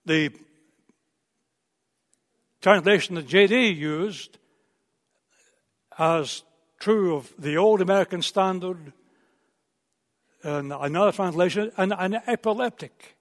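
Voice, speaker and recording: High-voiced preacher in a reverberant hall. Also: male voice, slow pace, long pauses. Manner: storytelling, repeats words when emphasizing. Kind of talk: sermon.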